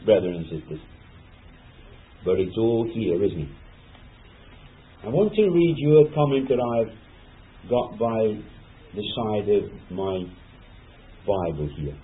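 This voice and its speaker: A man preaching a sermon, reading scripture and turning to his listeners with asides and questions. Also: medium pitch. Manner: addresses listeners as brethren and sisters, rhetorical asides. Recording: phone-like lo-fi recording.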